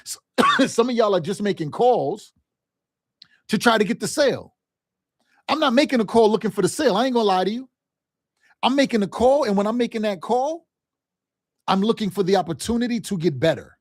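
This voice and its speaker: Man, sales coach, high-pitched voice, emphatic and repetitive, casual vernacular, dry close sound. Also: animated, a little fast, pauses often, no room sound. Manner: emphatic, repetitive, direct address with frequent "right?" and "okay?"; acts out quoted phone calls and family scenes in livelier voices. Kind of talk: motivational sales lesson.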